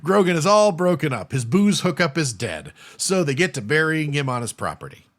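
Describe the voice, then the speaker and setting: Man, podcast co-host, somewhat high voice, animated, wry plot recaps. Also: fairly quick. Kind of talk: casual movie recap chat.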